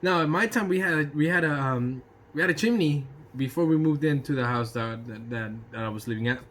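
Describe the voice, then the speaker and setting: Animated man telling a story. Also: on the high side, a little fast, a little hiss or hum. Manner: animated, swears freely, uses sound effects. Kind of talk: casual personal anecdote.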